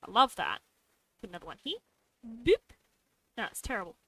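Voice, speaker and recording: A young woman with a bright, forceful voice chats casually while she draws on a live stream. She mutters to herself as she works and drops in playful little sound effects. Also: a little high, very animated, normal speed.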